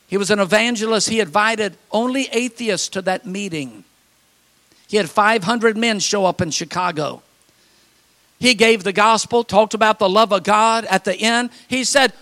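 High, bright-voiced older male preacher. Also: normal speed. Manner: fervent, rising to shouted calls; folksy storytelling with repeated phrases. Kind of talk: sermon.

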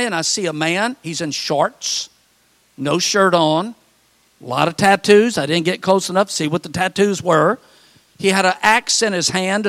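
A middle-aged male pastor preaching a sermon, telling stories and acting out quotes with dramatic pauses. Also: high-pitched, a bit bright.

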